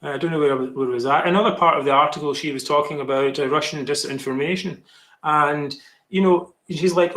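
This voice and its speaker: A man's voice: on the high side, fairly even intonation, fairly quick, a bit bright. A man hosting a podcast, rambling and exasperated, with frequent restarts. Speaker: podcast host. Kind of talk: casual podcast commentary. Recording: echoey room on a call.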